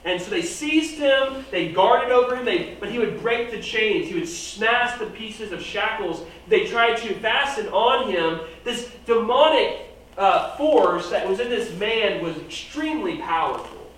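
A man preaching a sermon in an animated way, pushing his voice up and then dropping it low for emphasis. His voice sits high. He is recorded from a distance in a very echoey room. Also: unhurried.

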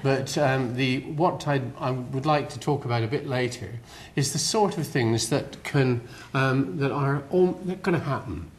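Older man, West Country accent, relaxed self-deprecating lecturer, faint noise behind. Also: medium pitch, a little slow. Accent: West Country English. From West Country of England. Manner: chatty, self-deprecating, many fillers and restarts. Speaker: guest lecturer. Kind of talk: public lecture. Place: lecture hall.

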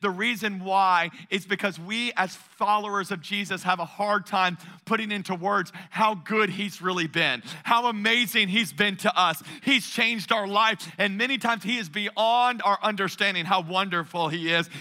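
A man, preaching a sermon as pastor, joking and animated and calling on the congregation for responses. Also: high-pitched, moderate pace, few pauses.

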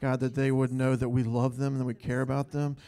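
A man's voice: medium pitch, flat delivery, fast talker, vocal fry, mellow. A man leading an earnest spontaneous prayer in church, saying God between phrases, with hesitant ums. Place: church sanctuary.

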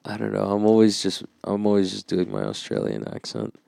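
A man's voice: fairly low pitch, sing-song, fairly quick, vocal fry, dark tone, no echo, clean studio sound. A young man in casual, profane chat, telling stories and acting out other people's voices.

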